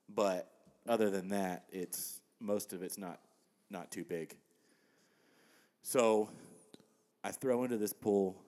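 Male guest, low voice, animated storyteller in casual chat. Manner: animated storytelling with laughs and quoted asides.

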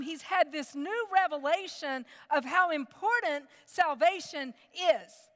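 Middle-aged woman pastor preaching, lively storyteller, high voice, echoing sanctuary reverb. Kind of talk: sermon. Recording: long hall reverb.

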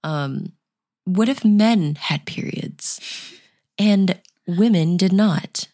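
A young woman with a slightly low voice, co-hosting a chat podcast. She talks bluntly and rambles from point to point, swearing freely. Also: very slow, warm tone. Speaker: podcast co-host. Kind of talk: casual chat.

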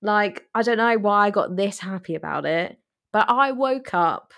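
A woman's voice: mid-range voice, unhurried, fairly bright tone. A young woman, co-hosting a casual chat, telling stories animatedly and giving blunt opinions. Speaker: podcast co-host.

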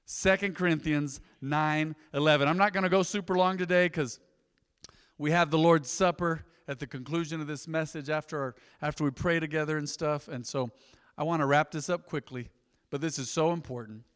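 A man, a pastor preaching a sermon in a folksy storytelling way, jumping from soft asides to loud bursts. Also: on the high side, steady tone, moderate pace, clean tone. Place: church sanctuary. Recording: long hall reverb.

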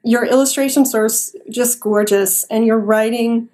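A woman host speaks with a slightly high voice and gracious, polite phrasing. She reads the program's closing remarks at an even pace. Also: moderate pace.

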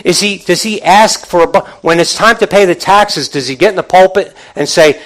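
A male preacher with a fairly high voice delivers a lively, conversational sermon. He throws rhetorical questions at the congregation and acts out quoted voices as he goes. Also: normal speed, hardly any pauses, low-quality recording.

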